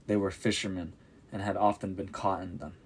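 A man reading a Bible story aloud as a podcast narrator, measured and descriptive. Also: low voice, little pitch movement, slightly rough.

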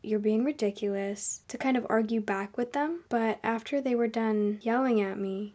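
Young woman with a mellow voice. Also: a little high, normal speed. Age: young adult. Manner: calm, earnest, conversational. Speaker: podcast host. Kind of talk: advice podcast monologue.

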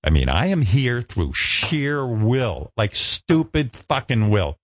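A man in his sixties from the New York area, a radio host telling stories in an animated, self-mocking, profane way. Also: medium pitch, slow, dry recording, clean studio sound. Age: 60s. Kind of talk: casual chat.

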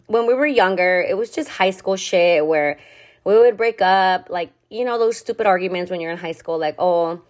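A young woman hosting a podcast, telling a personal story in a candid, confessional way, swearing often and filling her talk with "like.". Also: medium pitch. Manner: candid, heavy swearing and filler "like". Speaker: podcast host.

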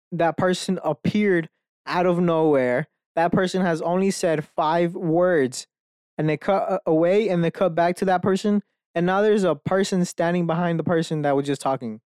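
A young man hosts his podcast alone from his bedroom, rambling excitedly and swearing freely. His voice is smooth and clean, recorded dry and close with no room sound. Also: on the high side, no room sound. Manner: profane, animated rambling. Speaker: podcast host. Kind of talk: casual solo monologue.

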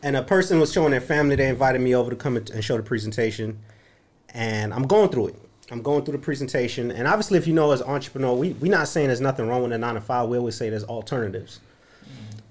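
A man with a mid-range voice talks in a casual podcast chat. He is slow and halting and restarts his sentences often. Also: mid-range voice.

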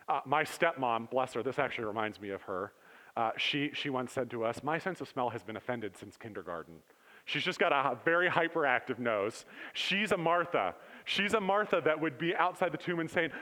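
Male pastor, sermon, animated storytelling, loud and hushed in turns, long hall reverb. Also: fairly high pitch, normal speed.

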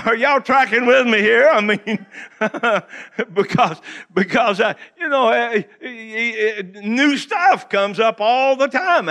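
A man's voice: sits high, bright, forceful tone. A man preaching a sermon in a church, folksy and joking, laughing often at his own stories. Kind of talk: humorous sermon.

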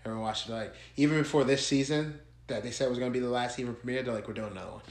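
A man's voice: mid-range voice, roomy sound. A man in casual chat, talking loosely with lots of "like" and free swearing. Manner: fast, loose talk full of "like", swears freely.

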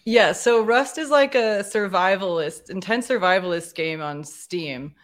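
A woman guest on a casual panel chat, telling stories in a chatty, animated way. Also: medium pitch, unhurried.

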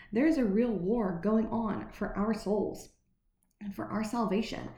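A woman's voice: mid-range voice, warm tone. A woman giving a casual, earnest devotional reflection, talking conversationally with many "like"s and "right"s. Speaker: Christian devotional speaker. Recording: echoey room with faint background noise.

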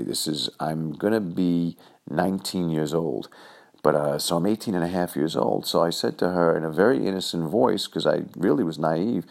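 With a low, gravelly voice, a New York man recalls his youth in a rambling personal story. He's animated and heavy on fillers, acting out the voices of the people he quotes.

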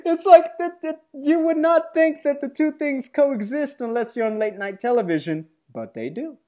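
A woman co-hosting a casual sports podcast, chatting in a playful, joking, animated way. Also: high voice, normal speed. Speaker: podcast co-host.

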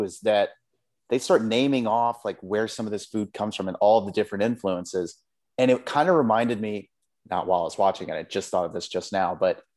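A man co-hosting a podcast, chatting casually and ranting with lots of swearing. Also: lowish voice. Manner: profane, animated ranting. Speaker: podcast co-host. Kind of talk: casual chat.

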